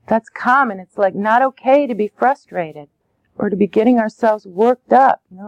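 Woman explaining parenting stuff, kinda high voice, dry sound, does little soothing baby-talk bits. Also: moderate pace, no room sound. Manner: acts out soothing phrases to children. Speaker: parenting educator. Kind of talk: conversational teaching.

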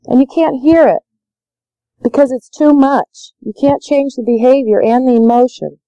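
A woman's voice: sits high, normal speed, mellow, no echo, lo-fi sound. A woman leading a parenting workshop, talking emphatically with lots of repetition. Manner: emphatic, repetitive, acts out dialogue. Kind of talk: live workshop talk.

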